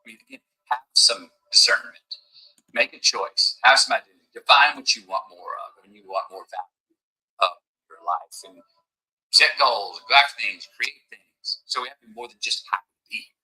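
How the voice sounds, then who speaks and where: A man's voice: medium pitch, animated, moderate pace, bright, forceful tone, husky, poor audio. A man giving an emphatic, preachy motivational talk at a table, now and then acting out the voices of the people he quotes. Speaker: motivational speaker. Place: at a table with a camera crew.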